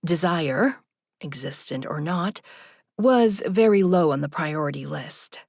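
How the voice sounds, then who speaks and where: A woman reading an audiobook narration in a soft, even, intimate manner. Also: low-pitched, slow, creaky, no room sound, studio quality.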